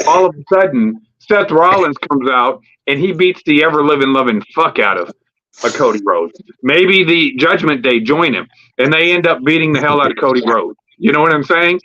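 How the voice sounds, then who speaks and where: A man hosting a live wrestling talk stream, ranting casually and profanely about storylines, rambling with fillers and acting out quick promo bits. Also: a little high, animated, bright, forceful tone. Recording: lo-fi streamed audio.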